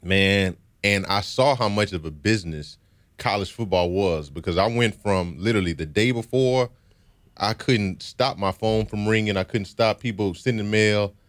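A man's voice: on the low side, normal speed, fairly bright tone. A young man from Louisiana, a former football player, telling his story in a reflective, earnest way in an interview. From Baton Rouge, Louisiana. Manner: reflective, earnest, with frequent "you know"s.

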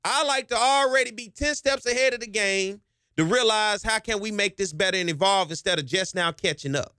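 A man's voice: high-pitched, brisk, pushed and bright, clean tone, no echo, studio quality. Passionate, fired-up male radio host. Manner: passionate, gets himself hyped up as he talks. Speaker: radio talk show host. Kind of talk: energetic talk radio monologue. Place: radio studio. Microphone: studio microphone.

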